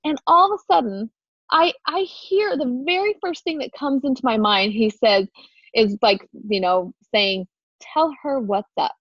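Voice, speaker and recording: A woman co-hosting a faith podcast, telling a story in an animated way and acting out the dialogue. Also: high-pitched, measured pace, no room sound, dull audio. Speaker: podcast co-host. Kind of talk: casual faith podcast chat.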